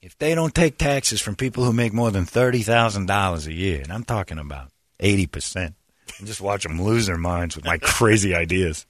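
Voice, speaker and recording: A man's voice: low voice, a little fast, no room sound. A man hosting a casual chat, rambling and joking, laughing often at his own bits.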